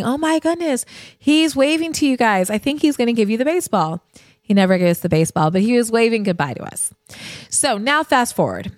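Woman in her 50s from the US, podcast host, confiding storyteller, mid-pitched voice, dry close sound. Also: clean tone, no room sound. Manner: chatty, confiding, addresses listeners directly. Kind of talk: personal storytelling.

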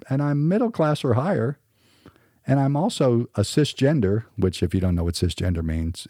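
A man's voice: low voice, mellow, slightly rough, no echo. Man, middle-aged, standard American accent, wry sarcastic podcast monologue, dry close sound. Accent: mostly standard American. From Southern United States. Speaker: podcast host. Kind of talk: scripted monologue with asides.

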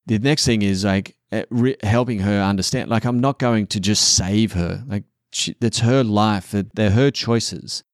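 A fairly low-pitched man speaks at a measured pace with few pauses, recorded dry in a studio. Middle-aged and talking as a father on a podcast, he's earnest and candid, swears often, and raises his voice to act out quotes.

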